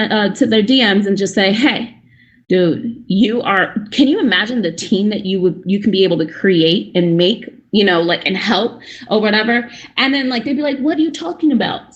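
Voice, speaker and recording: A young adult woman speaking at a real estate breakout session, chatty and full of restarts, acting out little conversations as she goes. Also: mid-range voice. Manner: chatty, fillers and restarts, acts out dialogue. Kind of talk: animated conference talk.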